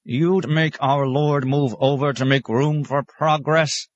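A man's voice: fairly even intonation, slow pace, no echo, dull audio. A man voicing an aged, querulous male monk librarian who snaps and rants indignantly. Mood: furious. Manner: indignant, snapping, shrill outbursts.

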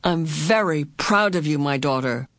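Grave, gentle father figure for a storybook reading, quiet and earnest, dry close sound, read by the narrator. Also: on the high side, animated, unhurried, no room sound.

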